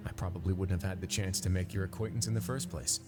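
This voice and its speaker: A calm video game duke, as a man voices him speaks in a lowish, measured voice. His manner is courteous, and game music plays behind him. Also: lightly acted. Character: composed male duke running a fortress.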